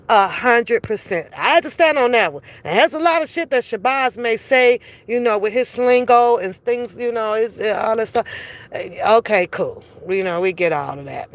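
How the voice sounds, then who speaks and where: A woman giving a casual, blunt commentary monologue, profane and animated, slipping into acted quotes as she talks. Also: medium pitch. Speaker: commentary vlogger.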